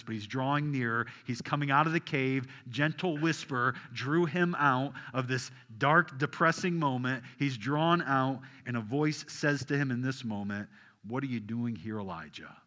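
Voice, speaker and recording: A man preaching a sermon to a congregation, asking them questions and swinging from loud emphasis down to soft, hushed lines. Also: mid-range voice, long reverb tail. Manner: animated, rising loud for emphasis then dropping soft. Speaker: pastor.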